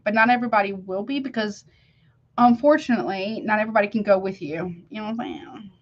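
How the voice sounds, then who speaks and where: A woman gives a casual tarot reading in a slightly high voice, talking emphatically with plenty of slang. She keeps checking in with the listener as she goes. The recording sounds a little dull and lo-fi. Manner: emphatic, slangy, keeps asking "you see what I'm saying?". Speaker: tarot reader.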